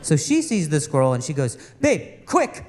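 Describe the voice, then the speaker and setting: Male stand-up comic, lively and exasperated, higher voice, live club noise. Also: a little fast, in a large hall. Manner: animated, exasperated storytelling. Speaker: stand-up comedian. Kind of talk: stand-up comedy storytelling. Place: comedy club stage.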